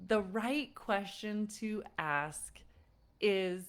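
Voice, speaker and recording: Animated woman coaching parents. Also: on the low side, a little slow, smooth. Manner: animated, acts out frustrated parent voices, laughs often. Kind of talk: live online parenting lesson.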